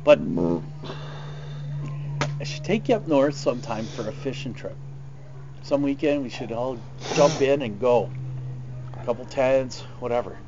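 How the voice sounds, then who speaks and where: A man's voice: mid-range voice, expressive, unhurried, pauses often, music in the background. Rambling middle-aged man in a chat. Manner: rambling, storytelling. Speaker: host's father. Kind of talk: casual chat. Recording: dull lo-fi sound with faint background noise.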